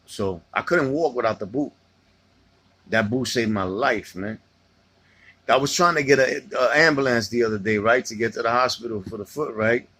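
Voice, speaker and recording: A man's voice: medium pitch, normal speed, sharp tone, no echo. A man hosting a casual livestream, rambling and swearing freely as he tells stories and answers chat. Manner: loose, profane, rambling storytelling. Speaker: livestream host reading chat.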